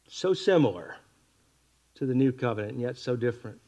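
A man's voice: on the high side, sharp tone. Man preaching, scripture read with weight. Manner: reads scripture slowly and with weight, wry asides. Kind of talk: expository sermon.

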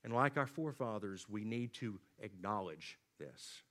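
A man preaching a sermon, swinging from loud emphatic lines to low, quiet drops. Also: expressive, normal speed. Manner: dynamic preaching, rising emphatic then dropping low and quiet. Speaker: pastor.

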